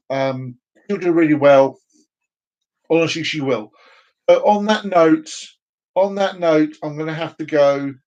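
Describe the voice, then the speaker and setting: A man's voice: on the high side, a little mellow, muffled recording. A man talking in a rambling, teasing monologue for his video channel, with frequent restarts. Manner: teasing, chatty, many restarts. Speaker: vlogger.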